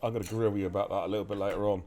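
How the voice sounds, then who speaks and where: A man's voice: on the low side, steady tone, rapid-fire, crowd noise. A man hosting live sim racing commentary, chatty and upbeat, talking straight to his chat. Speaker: race commentator and stream host.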